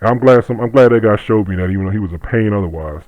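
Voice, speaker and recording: A man's voice: on the low side, fast talker, no echo, dull audio. Profane, rambling middle-aged man. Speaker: martial arts instructor. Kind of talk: casual monologue.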